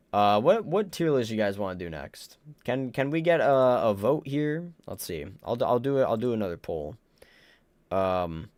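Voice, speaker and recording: Animated young man streaming, casual and blunt. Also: lowish voice, no room sound. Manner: rambling, stammering, blunt and joking. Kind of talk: casual livestream chat.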